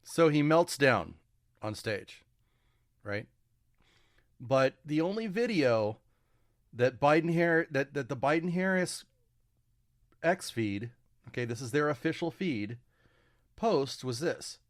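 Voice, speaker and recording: A man co-hosting a podcast in casual political chat, halting and restarting often as he swears his way through his points. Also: fairly high pitch, big pitch swings, no room sound, clean studio sound. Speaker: podcast co-host.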